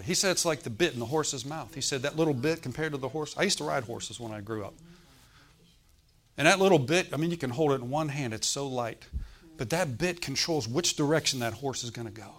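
A man preaching a sermon in a joking, conversational way, laughing often and building up to loud exhortation. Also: medium pitch.

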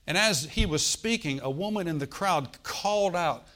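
A man's voice: a little high, lively intonation, normal speed, hardly any pauses, bright, forceful tone. A man preaching a sermon to his congregation, conversational, checking in with "amen" and lifting his voice for emphasis. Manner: chuckles and rises in volume for emphasis. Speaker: pastor. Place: church service.

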